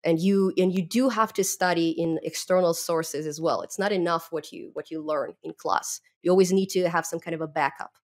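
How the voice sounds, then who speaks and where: Young woman w/ a foreign accent chatting on a podcast, lively, laughs a lot, says um a lot. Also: lowish voice, a little fast, hardly any pauses. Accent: non-native English accent. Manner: lively, laughs often, many fillers. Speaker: podcast guest, Python educator. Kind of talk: casual interview chat.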